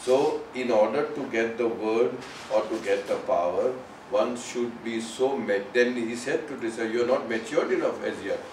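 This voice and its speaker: A man's voice: mid-range voice, moderate pace, a little hiss or hum. Man telling a parable from across a room. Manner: conversational, peppered with "you know". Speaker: storyteller at a spiritual gathering. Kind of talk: informal spoken parable. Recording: roomy, mic at a distance, faint ambience.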